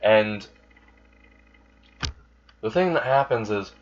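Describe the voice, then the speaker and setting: A man's voice: lowish voice, expressive, slow pace, slight background noise. A man improvising a fan story aloud in a rambling way, with fillers and self-corrections, on a dull lo-fi recording. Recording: dull lo-fi sound.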